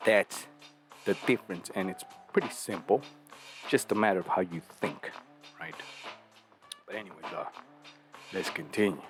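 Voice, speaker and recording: A man with a fairly low voice lectures in a blunt, profane way and keeps tossing out rhetorical questions. Faint music runs quietly under his talk. He sounds like a show host laying down advice. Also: moderate pace, pauses often. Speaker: podcast host giving dating advice. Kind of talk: casual talk.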